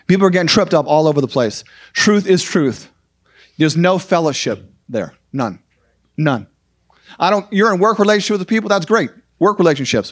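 High-voiced man preaching emphatically. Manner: emphatic, repeats short punchy phrases. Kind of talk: sermon.

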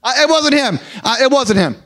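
Male preacher, high-pitched, emphatic sermon delivery with repeated punches. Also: lively intonation, moderate pace, bright, forceful tone.

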